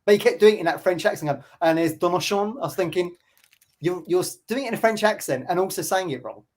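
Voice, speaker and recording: A man's voice: high-pitched, animated, quick pace, darkish tone. A man co-hosting a casual fan podcast over a video call, chatty, laughing often and grumbling in fun. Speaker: podcast co-host.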